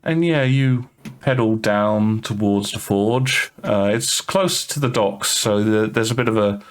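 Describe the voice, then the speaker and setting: A man with a lowish voice running a tabletop game as game master. He talks casually, hesitates and fills gaps with uh and um. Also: unhurried. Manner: casual, hesitant with many fillers.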